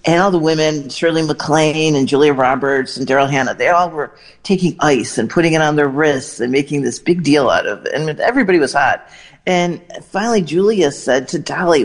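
A woman reporting entertainment news, telling lively, animated anecdotes and quoting people along the way. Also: sits low, brisk. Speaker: entertainment correspondent. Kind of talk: news segment storytelling.

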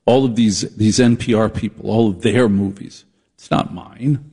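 A man's voice: lowish voice, warm tone, slightly rough. A man hosting a talk radio show, delivering a comedic monologue, riffing and mocking as he goes. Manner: riffing, mocking, switches into quick impressions.

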